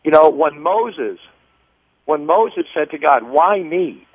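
A man calls into a radio show as a political guest, heard over a telephone line in a dry recording. His voice is on the high side, animated and slightly breathy, and he speaks slowly. He talks with fervent, preacherly energy, often repeating words as he builds a point.

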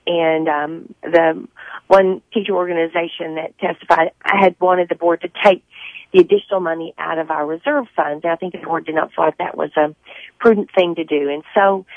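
Hoarse woman, district spokesperson, measured phone interview, thin dry line. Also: lowish voice, fairly even intonation, no room sound, phone-quality sound. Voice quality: scratchy. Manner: measured, careful, with many fillers. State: hoarse from a cold. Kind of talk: phone interview on morning radio. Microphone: telephone.

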